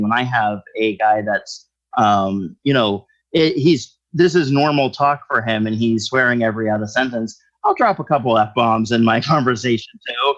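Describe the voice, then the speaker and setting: A man's voice: medium pitch, fairly bright tone, lo-fi sound. A man talking as a guest in a casual interview, explaining his work in a thinking-aloud way. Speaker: skip tracer guest.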